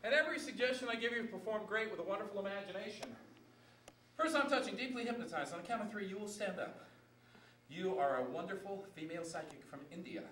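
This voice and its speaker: A man's voice: fairly high pitch, a bit bright. A man working as a stage hypnotist, giving commanding, repetitive suggestions on a TV studio stage. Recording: roomy stage sound from a distant mic, with background noise.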